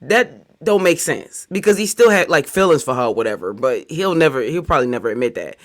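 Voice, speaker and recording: Give me a man with a highish voice giving relaxed, chatty commentary. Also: a little fast. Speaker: commentator reacting. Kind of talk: casual chat.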